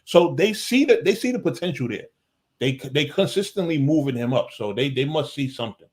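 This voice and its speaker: A man co-hosting a casual livestream chat, relaxed, often repeating a word as he starts a thought. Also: on the high side, fairly quick, husky.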